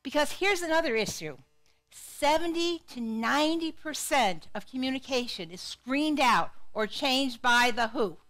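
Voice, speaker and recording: Woman, middle-aged, psychologist, keynote talk, fairly high voice, lively, interactive. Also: unhurried, soft background music. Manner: lively, interactive, asks the audience questions. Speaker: psychologist and speaker. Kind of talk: live keynote talk to an audience.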